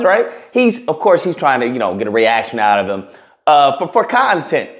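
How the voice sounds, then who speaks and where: High, animated man ranting mockingly. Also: fairly quick. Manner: mocking, provocative, emphatic. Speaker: commentary YouTuber. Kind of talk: blunt opinion commentary.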